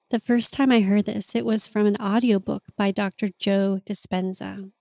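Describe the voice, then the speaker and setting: A woman's voice: mid-range voice, steady tone, normal speed, vocal fry, hardly any pauses, mellow, no room sound. A woman hosting a podcast, talking in an earnest, open and confessional way in a reflective monologue. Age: adult parent. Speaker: podcast host and mentor.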